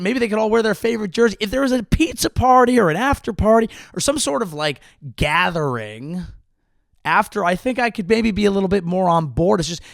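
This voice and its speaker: A male comedian riffs through a sarcastic, meandering monologue, often stopping to restart his sentences. His voice sits a touch higher than most men's, and the sound is dry and close to the mic, with no room around it. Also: creaky, dry recording. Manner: sarcastic, rambling, with frequent restarts. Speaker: comedian podcast host.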